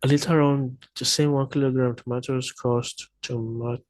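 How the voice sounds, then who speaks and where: A man's voice: medium pitch, level tone, normal speed, darkish tone, no echo, low-quality recording. A man tutoring math, working through problems step by step while thinking aloud, with frequent hesitations and self-corrections.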